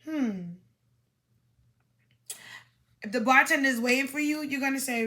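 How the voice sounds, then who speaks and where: A woman's voice: sits high, fast, bright, forceful tone. A woman hosting a podcast, giving dating advice in an emphatic, repetitive coaching monologue with demonstrations.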